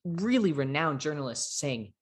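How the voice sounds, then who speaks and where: A man's voice: on the high side, big pitch swings, normal speed, breathy edge. A man hosting a casual sports podcast, upbeat and chatty, reading quotes aloud. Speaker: podcast host.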